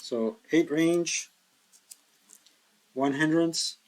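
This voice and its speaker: Yawning and worn out, a man mutters slowly to himself during a solo board wargame, tallying hexes and figuring dice rolls. His voice sits on the high side, and the audio quality is poor.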